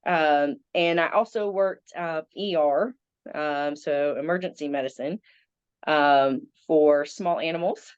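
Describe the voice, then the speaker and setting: A woman's voice: sits low, takes it slowly, clean tone, dry recording, lo-fi sound. A woman in her thirties with a Southern American accent, chatting as a veterinarian guest with many ums. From Southern United States. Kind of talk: casual interview.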